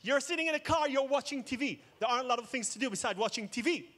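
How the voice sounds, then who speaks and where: A man's voice: very high voice, expressive, quick pace, a bit bright. A man giving a keynote talk, mixing jokes with dramatic storytelling. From Israel. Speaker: conference speaker. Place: outdoor festival main stage.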